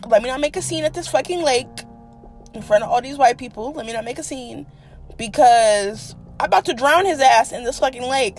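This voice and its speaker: A young woman hosts a podcast, her high voice moving a little slowly over faint background music. She tells a dating story casually and dramatically, swearing freely and throwing in quoted asides.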